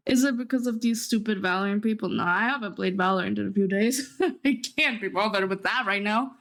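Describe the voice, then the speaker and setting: A woman's voice: medium pitch, fairly quick, gravelly, fairly bright tone. A young woman streamer chatting casually, emotional and near tears, swearing and laughing between words. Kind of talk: casual chat.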